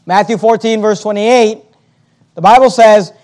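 A man with a very high-pitched voice preaches a sermon. He reads scripture aloud in old-fashioned wording, then explains it plainly and argues his point with emphasis. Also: measured pace, a little mellow.

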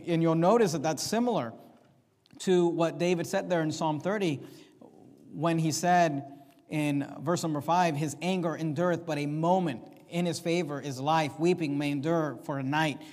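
Preacher with a slightly high voice, echoing hall. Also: male voice. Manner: preaching with Bible readings, varying pace and loudness. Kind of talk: sermon. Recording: long reverb of a hall.

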